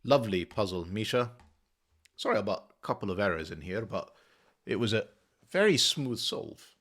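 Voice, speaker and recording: A man's voice: fairly low pitch, a little fast, a bit bright. A man hosting his own channel, thinking aloud as he works methodically through a sudoku and correcting himself as he goes. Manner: muttering, methodical, self-correcting. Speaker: sudoku solver and channel host. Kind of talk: thinking aloud while solving a puzzle.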